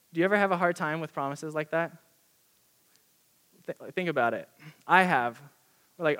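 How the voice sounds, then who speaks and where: A man's voice: fairly high pitch, animated, moderate pace, long pauses, a bit bright. A young man giving a casual, earnest sermon, full of fillers and little acted-out conversations. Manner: earnest, chatty, many "like" fillers and acted-out dialogue. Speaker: youth pastor preaching.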